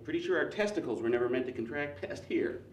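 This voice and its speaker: A man from Wisconsin with a Wisconsin accent doing a stand-up comedy set on a club stage, wry and self-deprecating, with quick asides to the crowd. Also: a little high, lively intonation, distant mic. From Wisconsin, USA. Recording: roomy live stage sound from off-mic. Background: audience laughter.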